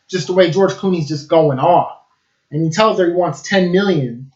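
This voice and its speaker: A man's voice: high-pitched, normal speed, a little mellow, roomy sound, highs cut off. A man giving a casual, enthusiastic film review, rambling with lots of fillers.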